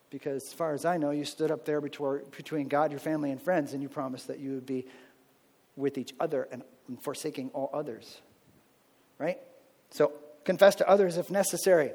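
A man's voice: fairly high pitch, darkish tone, big-room sound. A married man with children, preaching a sermon in a conversational way and often checking in with "right?". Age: adult, married with children. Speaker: pastor.

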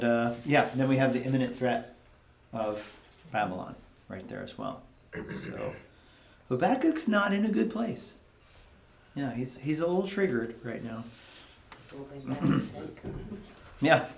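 A man teaches a relaxed Bible study, his voice sitting in a mid range and bouncing around an echoey office. He talks like he is chatting with friends and often tosses a quick "right?" to the group. When he acts out the prayers he reads, he sounds exasperated. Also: mid-range voice, gravelly. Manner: conversational, keeps asking "right?" to the group. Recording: echoey room.

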